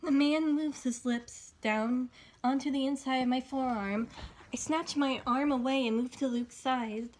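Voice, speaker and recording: A woman narrates a first-person novel at home, keeping a steady, even reading pace. Her voice sits fairly high and stays calm and clear throughout. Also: unhurried. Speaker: audiobook reader.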